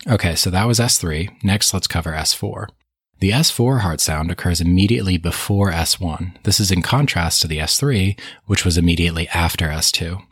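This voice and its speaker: A man hosting a medical education podcast, explaining heart sounds in a measured teaching style and posing questions before answering them himself. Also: sits low, slightly rough, no echo, studio quality. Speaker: podcast host teaching cardiology. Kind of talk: scripted teaching narration.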